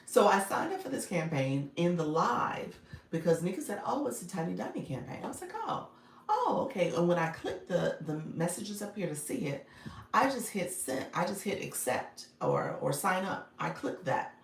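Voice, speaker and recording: A low, gravelly-voiced woman chatting with her viewers on a livestream, quick to laugh and talking right to her audience. She sounds a little off-mic in an echoey room with faint noise behind her. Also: lively intonation, recorded from a distance. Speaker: coach and livestream host. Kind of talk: casual livestream chat.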